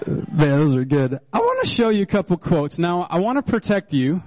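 A man's voice: high-pitched, wildly swooping pitch, moderate pace, a little mellow, no room sound, poor audio. A male pastor preaching a sermon in a loose, joking storytelling way, with many fillers and restarts.

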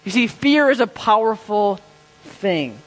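A man's voice: high-pitched, big pitch swings, measured pace. A young man preaching a sermon, telling a story and acting out the inner voices of its people, often repeating his words. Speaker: pastor. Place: church. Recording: church hall with long reverb.

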